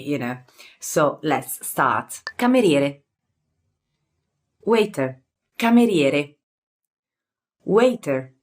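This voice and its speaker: Slow, low-voiced Italian woman teacher. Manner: friendly, repeats words slowly and clearly. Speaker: language teacher. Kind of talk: casual vocabulary lesson.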